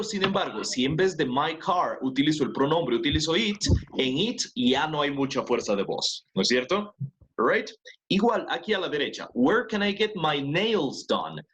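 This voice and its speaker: Male teacher, mid pitch, patient and step-by-step, on a video-call mic. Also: very animated, a little fast, a bit bright. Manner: patient, explains step by step, checks with "¿ok?". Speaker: English teacher. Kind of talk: online class, mixing Spanish and English.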